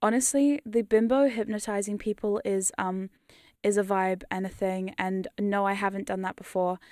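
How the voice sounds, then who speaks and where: A woman's voice: medium pitch, fairly even intonation, moderate pace, darkish tone, no echo. British woman, casual stream chat, rambling and self-mocking, dry close condenser mic. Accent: British, drifting toward New Zealand. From United Kingdom. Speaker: hypnosis content creator. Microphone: studio condenser mic.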